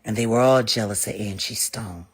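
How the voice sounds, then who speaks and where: A middle-aged woman giving a heated, profane live stream rant that swings between sharp insults and weary muttering. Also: rumbling low, normal speed, slightly rough.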